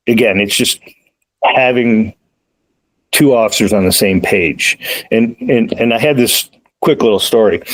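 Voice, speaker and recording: A man, a police defensive tactics trainer, talking as a podcast guest in a relaxed, anecdotal way. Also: fairly low pitch, low-quality recording. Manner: relaxed, anecdotal, quotes others in lively asides. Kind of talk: casual conversational storytelling. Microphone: remote call.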